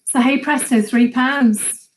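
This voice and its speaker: A woman's voice: sits high, steady tone, slow pace, slight background noise, low-quality recording. A woman hosting a gardening live chat, chatting casually and laughing often as she reads viewer comments aloud.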